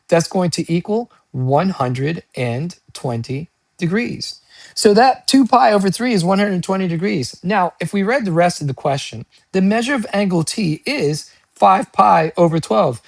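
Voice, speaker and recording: A man teaching an SAT math lesson, energetic and chatty, asking questions and answering them himself in casual slang. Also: on the high side, vocal fry, no echo. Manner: energetic, asks and answers his own questions.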